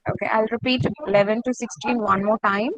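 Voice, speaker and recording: A woman teaching an online class, slowly repeating each word for her students. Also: fairly high pitch, fairly even intonation, background noise. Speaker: French teacher.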